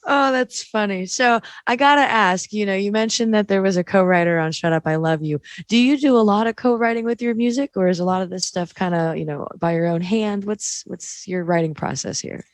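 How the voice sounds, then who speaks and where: A woman hosting a casual interview, friendly and quick to laugh. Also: medium pitch, no room sound. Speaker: podcast host.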